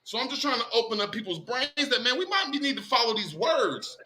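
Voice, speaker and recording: A man on a casual online group call, talking loudly and emphatically, swearing and repeating phrases. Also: very high voice, sing-song, fairly quick, a little hiss or hum, low-quality recording. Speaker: call participant, self-described language guru. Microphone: computer headset or call mic.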